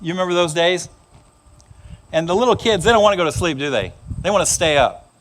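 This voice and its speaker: A middle-aged male pastor preaches with animated storytelling and slips into character voices. His voice sits rather high for a man. It rises and falls in a very lively way. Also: brisk. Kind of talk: sermon.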